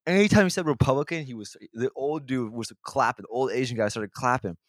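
A man's voice: mid-range voice, a little fast, dry recording, clean studio sound. A young man casually telling a long, profane story on a podcast, rambling with many restarts and acting out what people said. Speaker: podcast host.

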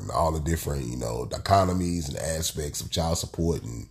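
A very deep-voiced man talks through a solo podcast. His voice is stuffy and congested from illness. He rambles and circles back, repeating phrases with plenty of "you know.". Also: lively intonation, a little fast, vocal fry. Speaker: podcast host. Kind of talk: casual solo podcast monologue.

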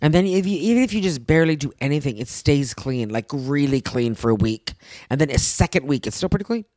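A woman telling a story in a casual chat, acting out quotes with big jumps in pitch. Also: lively intonation, quick pace, dark tone, dry recording.

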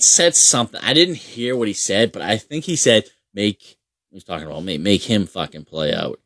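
A man's voice: deep voice, gravelly, a bit bright, no echo, studio quality. A young man telling a rambling, profane story in casual chat, mocking people along the way. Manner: swears constantly, mocks people with put-on voices. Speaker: amateur hockey goalie telling a story.

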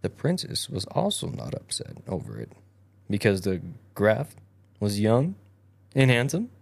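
A man's voice: lowish voice, wildly swooping pitch, a little slow, creaky. A man hosting a casual podcast, reading an old fairy tale aloud and tripping over its old-fashioned wording. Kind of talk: casual storytelling read-aloud.

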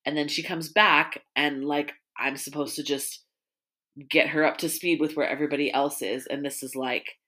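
With a low, sharp voice at a steady tone and normal speed, the podcast host reads out stories from listeners and reacts with laughter. She also recounts her own experiences from work in this casual chat.

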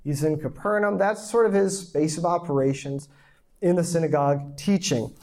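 A man's voice: on the high side, normal speed, a little mellow. A man preaching a sermon in a conversational teaching manner, with rhetorical asides and quoted lines done with mock indignation. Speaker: pastor.

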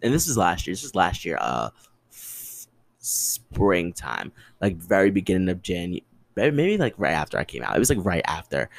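A young man in his twenties hosts a solo podcast, telling stories in a casual, profane and dramatic way. His voice sits low, but his pitch swings widely as he jumps between his own questions and answers. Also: wildly swooping pitch, moderate pace, creaky, dry recording. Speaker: podcast host. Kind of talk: casual storytelling monologue.

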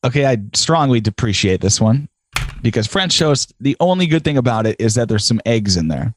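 A man's voice: medium pitch, sing-song, a little fast. A man co-hosting a podcast in casual chat, blunt and argumentative, teasing his partner and swearing. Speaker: podcast co-host.

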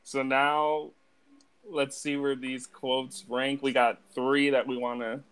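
A man hosting a podcast in casual chat, relaxed, laughing and swearing as he steers the segment. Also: medium pitch, takes it slowly, clear, resonant tone. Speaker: podcast host.

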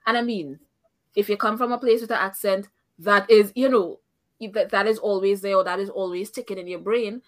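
This is a woman co-hosting a casual recap chat with a pitch sitting in the middle range. She talks through her opinions firmly, circles back on her own points and often breaks into laughter. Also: fairly quick. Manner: opinionated, laughs often, repeats herself as she thinks aloud. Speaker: podcast co-host.

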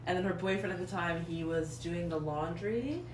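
Lower-voiced woman in an echoey room. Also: moderate pace, distant mic, noisy background. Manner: laughs often, chimes in. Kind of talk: casual chat.

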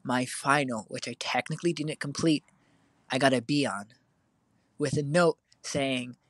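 A man's voice: medium pitch, unhurried, no room sound. Rambling teenage guy telling a story. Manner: rambling, filler-heavy storytelling. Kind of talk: casual chat.

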